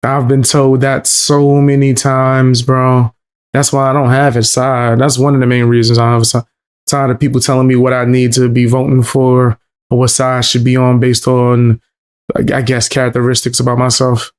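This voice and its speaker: A man's voice: medium pitch, flat delivery, moderate pace, clean tone. A man with a mid-range voice talks in casual stream chat. He is laid-back and blunt, with the occasional chuckle.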